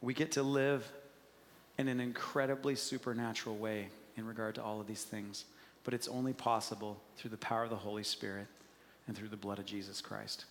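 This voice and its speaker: A man preaching a sermon to a congregation in earnest, conversational tones that grow quiet and gentle in prayer. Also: fairly low pitch, little pitch movement, a little fast, slight background noise. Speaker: pastor. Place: church sanctuary. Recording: hall reverb.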